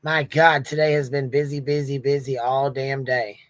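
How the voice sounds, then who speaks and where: A woman's voice: extremely low pitch, flat delivery, moderate pace, no room sound. A woman hosting a livestream in casual commentary, brash and profane, often breaking into laughter. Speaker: livestream host.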